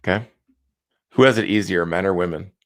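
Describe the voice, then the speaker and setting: Low-voiced male host for a relaxed video call chat, jokey and easygoing. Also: brisk. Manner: easygoing, joking, many ums. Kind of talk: casual live video chat.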